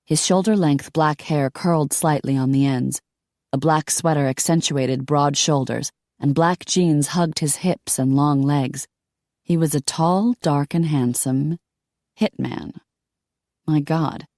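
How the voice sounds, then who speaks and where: A woman narrating a romance audiobook in a lively, wry storytelling manner. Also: low-pitched, takes it slowly, no room sound, studio quality.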